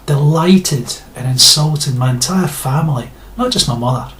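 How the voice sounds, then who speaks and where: A man's voice: a little high, normal speed, few pauses. A man delivering a sarcastic, indignant rant to his viewers, blunt and given to swearing. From Scotland. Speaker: video blogger. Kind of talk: ranting monologue to camera.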